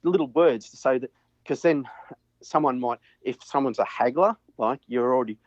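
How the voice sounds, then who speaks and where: A man's voice: mid-range voice, normal speed, no room sound. Middle-aged man, chatty business owner who restarts his sentences; muffled lo-fi sound in a dead, dry room. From Australia. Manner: rambling, repeats words while thinking aloud. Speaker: guest, flooring business owner. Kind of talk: casual conversational interview. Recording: dull lo-fi audio.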